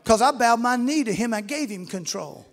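A middle-aged man preaching a sermon with folksy storytelling, acting out shouting congregants as he goes. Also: very high-pitched, lively intonation, moderate pace.

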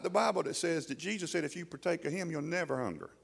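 A man preaching a sermon to a congregation in a folksy, animated way, often mimicking voices. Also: sits high, brisk, vocal fry, hardly any pauses, big-room sound. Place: church hall before a congregation.

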